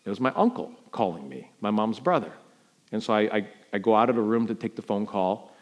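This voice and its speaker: Preaching a sermon, this middle-aged pastor from New York shares a personal story, his fairly low voice animated and a little fast. He swings sharply from booming emphasis to near-silence.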